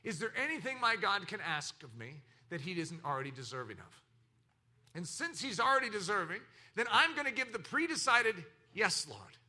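Man, pastor preaching a sermon, high voice, very animated pitch, dramatic loud and soft swings. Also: moderate pace. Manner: animated preaching with acted laughter and quoted voices.

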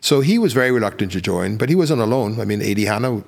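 Older Bahamian man, low-pitched storyteller. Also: quick pace, creaky, slightly rough. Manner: animated anecdotes, many fillers and restarts. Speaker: guest, former politician. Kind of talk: podcast interview storytelling.

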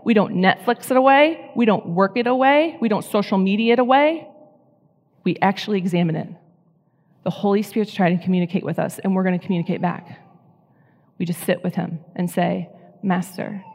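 A woman in her thirties speaks at a women's faith event, telling personal stories with animated energy and tossing questions to the audience. Her voice sits at an ordinary middle pitch, and it rings out with a long reverb that fills a large hall. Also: fairly quick.

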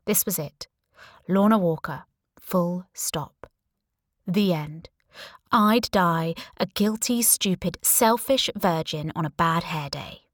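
Woman audiobook narrator, wry and even, low voice, dry close studio sound. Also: slow pace, dry recording. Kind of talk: scripted first-person narration.

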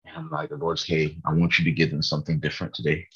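Man, casual faith vlog, tired, earnest, deep husky voice, dull lo-fi phone audio. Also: flat delivery, fast talker. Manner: earnest, rambling, laughs at himself. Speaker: vlogger sharing his morning prayer. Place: bedroom, early morning.

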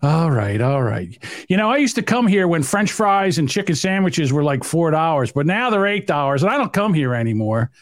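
A man's voice: sing-song, moderate pace, few pauses, dry recording. A man doing a whiny, fussy drive-thru customer. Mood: dithering. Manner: whiny, indignant, rising pitch.

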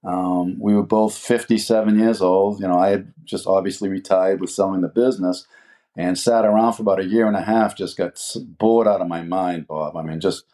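A man's voice: deep voice, steady tone, normal speed, warm tone. A man in his sixties, a guest in an interview, telling a long story with many uhs and restarts. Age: 60s. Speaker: guest, food business co-owner. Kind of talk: casual interview chat.

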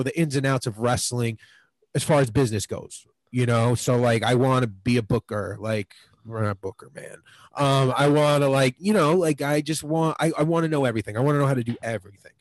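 A man's voice: medium pitch, quick pace, dry recording, rough recording. A man in his twenties telling stories as a podcast guest, rambling with lots of fillers. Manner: rambling, filler-heavy, lots of "like" and "you know". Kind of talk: casual storytelling.

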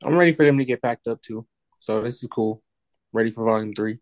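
A man's voice: medium pitch, a little fast. A man co-hosting a casual film podcast, laid-back and teasing his friends. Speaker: podcast co-host. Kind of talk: casual chat.

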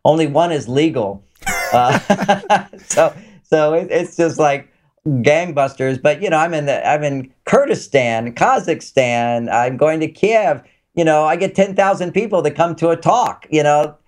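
A man's voice: a little high, unhurried, darkish tone. A man with a somewhat raised voice chats in an interview, spinning anecdotes to explain relationship ideas. His delivery is loose and conversational, circling back to drive each point home. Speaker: relationship author and guest. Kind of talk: casual interview talk.

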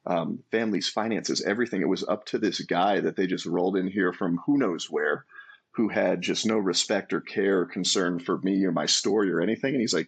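A man in his forties telling his own story as a guest in an interview, earnest and animated, with frequent restarts. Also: low voice, brisk, vocal fry, breathy edge. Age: 40s. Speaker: guest, entrepreneur.

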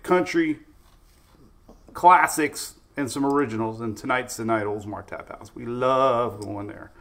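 Give me a chatty middle-aged man hosting a live weather show, greeting fans warmly. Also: medium pitch. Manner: chatty, upbeat, reads viewer greetings. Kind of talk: live-streamed casual weather talk.

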